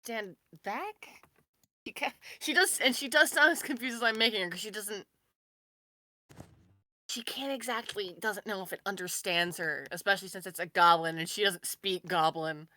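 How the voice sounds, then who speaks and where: Rambling woman player, bright voice. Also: medium pitch, normal speed. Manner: rambling, many "like" and "kinda". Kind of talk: describing her character's actions in a tabletop game.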